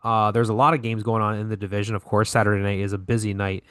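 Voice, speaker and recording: A man's voice: lowish voice, level tone, fast talker, a bit bright, smooth, no room sound, studio quality. A man co-hosting a podcast, recapping hockey scores in a casual way and correcting himself with lots of fillers. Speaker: podcast co-host.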